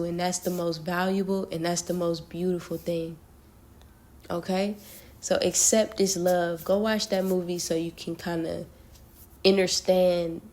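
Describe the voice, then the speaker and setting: A woman reading tarot, talking relaxed and direct to her viewers in a casual spiritual message, with plenty of slang. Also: fairly low pitch. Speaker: tarot reader.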